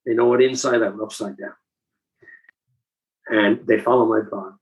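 A man's voice: lowish voice, steady tone, normal speed, low-quality recording. A man in his seventies from Newfoundland, Canada, a guest in an interview, telling stories earnestly and often restarting his phrases. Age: 70s. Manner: earnest, repeats and restarts while recounting calls. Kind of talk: conversational storytelling.

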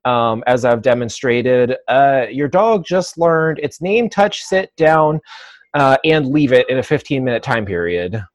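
A male dog trainer talks through his experiences as an interview guest. He takes his time and fills gaps with soft hesitations. The recording is dry and close, with almost no room sound. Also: mid-range voice, no room sound. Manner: thoughtful, measured, many "um" and "uh" pauses. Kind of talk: conversational interview.

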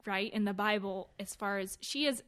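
Relaxed woman in casual chat. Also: medium pitch, normal speed. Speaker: podcast co-host.

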